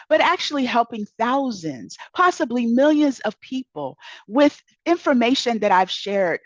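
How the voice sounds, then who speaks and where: A woman's voice: on the high side, no room sound, lo-fi sound. A woman who is a self-help author and coach, giving an earnest, encouraging motivational talk and repeating key words for emphasis.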